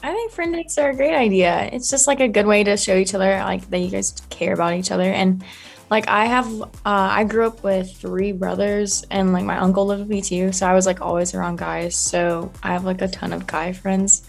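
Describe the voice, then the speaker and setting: A woman's voice: mid-range voice, steady tone, brisk, vocal fry, breathy edge, soft background music. A young woman co-hosting a radio show, chatting casually with plenty of filler words. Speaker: radio co-host.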